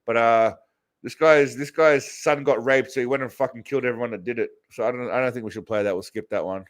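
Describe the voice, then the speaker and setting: A man's voice: mid-range voice, fairly even intonation, fast. A man hosting a casual reaction show, rambling and swearing heavily as he comments on clips. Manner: crude, rambling, heavy swearing. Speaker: host reacting to videos.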